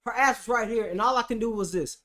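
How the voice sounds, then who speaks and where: A man streamer telling a comedic story about a day in court, animated and profane, swinging between loud outbursts and hushed asides. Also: high-pitched, quick pace.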